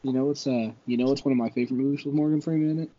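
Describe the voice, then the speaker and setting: A man's voice: mid-range voice, fairly even intonation, rapid-fire, warm tone. A man co-hosting a podcast in casual chat, rambling and full of filler words. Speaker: podcast co-host. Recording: dull lo-fi podcast audio.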